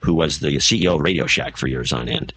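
A man with a very low voice and a bright, forceful edge tells rambling stories in a casual podcast chat. The sound is dry and close, with no room around it. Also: fast talker, breathy edge, no room sound, poor audio. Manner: rambling anecdotal storyteller.

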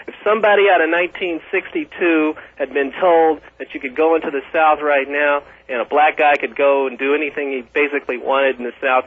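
A man on a call-in line argues hard, repeating his openings to hold the floor. His voice sits a bit high and comes through a tinny, narrow phone line. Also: slightly rough. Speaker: caller. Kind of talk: heated call-in debate. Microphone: telephone.

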